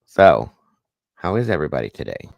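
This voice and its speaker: A man's voice: a bass voice, sing-song, fairly quick, vocal fry, no room sound. A man hosting a casual livestream chat, goofy and corny, greeting viewers by name. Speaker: livestream host.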